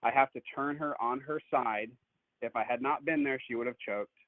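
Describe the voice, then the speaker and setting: A male caller telling a long story in a casual, animated way, acting out the quotes. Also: medium pitch, normal speed, no echo. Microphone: phone. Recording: tinny phone line.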